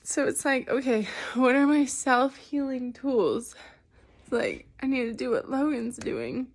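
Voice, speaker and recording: Woman vlogger, crying mid-vent, high-pitched and unhurried, laughs through the tears. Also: lively intonation. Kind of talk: tearful confessional vlog.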